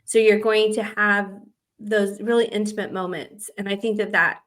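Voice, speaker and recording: A romance author raised in the American South co-hosts a podcast about writing romance, rambling easily and leaning on fillers as she thinks aloud in casual chat. Her voice is medium-pitched and fairly bright, with fairly even intonation and a moderate pace.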